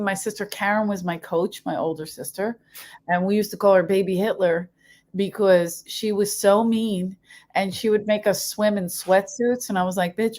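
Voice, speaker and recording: A comedian telling stories in casual chat, a woman with a Philadelphia accent, animated and profane. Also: mid-range voice. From South Philadelphia. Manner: animated, profane, quick jumps between stories. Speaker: comedian guest.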